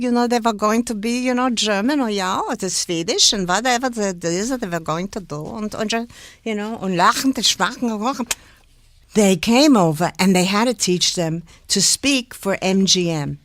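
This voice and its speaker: Animated older woman telling showbiz stories. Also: mid-range voice, no room sound. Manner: animated, laughing, demonstrates speech with drawn-out sounds. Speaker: guest impressionist. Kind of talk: anecdotal interview storytelling.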